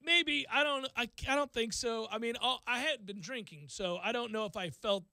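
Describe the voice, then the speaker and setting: A male radio host telling a self-deprecating story in casual talk, acting out quotes with lively energy. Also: extremely high pitch, moderate pace, no room sound.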